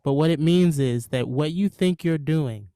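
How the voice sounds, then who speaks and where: A man's voice: a little high, normal speed, mellow, smooth, no echo. Easygoing man from Jamaica, dry sound. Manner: easygoing, laughs often. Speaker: podcast guest. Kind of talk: casual comedic chat.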